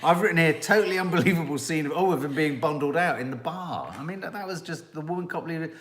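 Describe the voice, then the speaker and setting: A man's voice: a little high, fast, echoey room. A middle-aged man co-hosting a casual live chat about a TV drama, wry and laughing as he reads out his notes. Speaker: co-host of a live review show.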